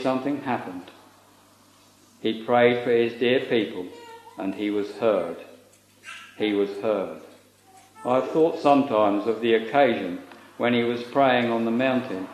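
A man's voice: medium pitch, a little mellow, slight background noise. A man preaching a sermon in a solemn, earnest way, using old-fashioned scriptural phrasing. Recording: lo-fi recording in an echoey room.

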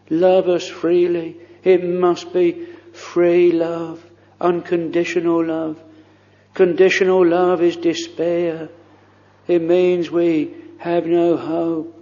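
A man's voice: high-pitched, level tone, slow, warm tone. A man leading an earnest, pleading prayer from the pulpit in old-fashioned formal language, recorded in a church. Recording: dull lo-fi recording in a reverberant hall.

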